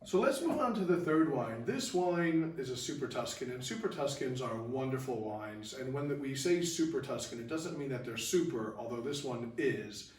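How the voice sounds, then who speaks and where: A man's voice: medium pitch, expressive, moderate pace, hardly any pauses, a little mellow, roomy sound, far from the mic. A man co-hosting a wine show, upbeat, leading the tasting and moving between wines. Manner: upbeat, leads the tasting and segues. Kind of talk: casual wine tasting chat.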